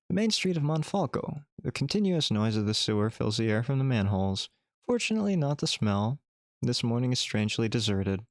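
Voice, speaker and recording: Gravelly man reading a text game. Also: mid-range voice, no room sound, studio quality. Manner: playful, with joking asides. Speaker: streamer.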